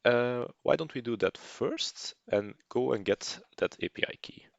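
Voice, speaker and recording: A man's voice: mid-range voice, animated, measured pace, vocal fry, no room sound, muffled recording. A man narrating a screencast coding tutorial, explaining casually with fillers and restarts. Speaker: programming tutor.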